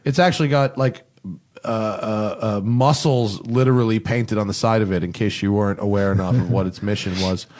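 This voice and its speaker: A man hosting a casual interview, excitable and joking, often exclaiming as he reacts. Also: lowish voice, brisk. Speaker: show host.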